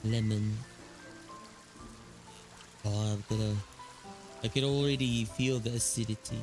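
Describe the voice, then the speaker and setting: A man's voice: fairly low pitch, steady tone, a little slow, music in the background. A man with a Filipino accent chatting casually on a live stream, rambling with lots of fillers and restarts.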